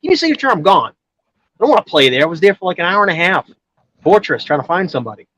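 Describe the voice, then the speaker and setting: A man's voice: sits high, sing-song, rapid-fire, pushed and bright, rough recording. A man telling a long personal story in casual chat, rambling with many restarts and filler words. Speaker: guest storyteller.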